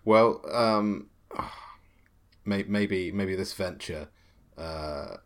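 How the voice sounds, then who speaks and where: A man's voice: low-pitched, very slow. A man playing a tabletop game, jokey and swearing freely in casual chat. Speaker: player.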